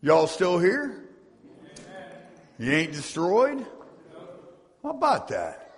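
A male pastor preaches in a high, gravelly voice, reading scripture with fervor and tossing asides to the congregation. His voice carries a long reverb off the walls of a church sanctuary. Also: wildly swooping pitch, takes it slowly. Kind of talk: sermon.

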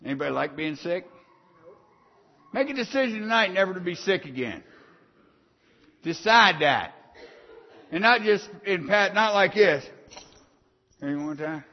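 A middle-aged man preaching a sermon in a folksy storytelling way, swinging from soft asides to loud punchy lines. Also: sits high, animated, unhurried, long pauses. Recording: dull sound in a long-reverb hall.

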